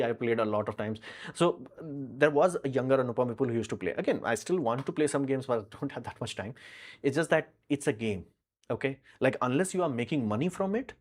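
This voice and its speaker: A man chats through viewer questions on a live stream. His voice sits at an ordinary middle pitch. He talks bluntly and rambles, with plenty of "uh" and "like". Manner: rambling, filler-heavy, frank and blunt. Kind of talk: casual live Q&A chat.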